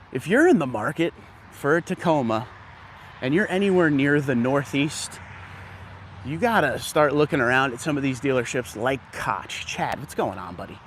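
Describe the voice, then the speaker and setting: A man hosting a casual live stream, walking through an outdoor dealership lot and greeting viewers by name, a little out of breath from walking. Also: medium pitch. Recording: faint outdoor background noise.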